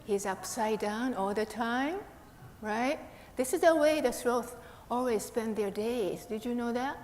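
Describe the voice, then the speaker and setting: A woman's voice: fairly high pitch, a little slow, darkish tone. A woman minister giving a playful children's sermon with a puppet, coaxing the kids with questions. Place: temple hall. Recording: echoey hall, faint hiss.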